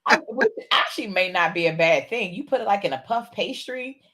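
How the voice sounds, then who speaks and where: A woman's voice: medium pitch, lively intonation, fairly quick, pushed and bright. A woman co-hosting a casual talk show, enthusiastic and persuasive, laughing often as she talks. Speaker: co-host. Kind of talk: casual chat.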